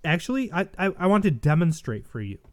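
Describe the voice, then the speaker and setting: A man's voice: fairly high pitch, very animated, brisk, dry recording. Man doing dry, opinionated solo commentary. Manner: opinionated, reads news aloud and comments with frequent restarts and self-corrections. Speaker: livestream commentary host. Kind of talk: casual solo political commentary.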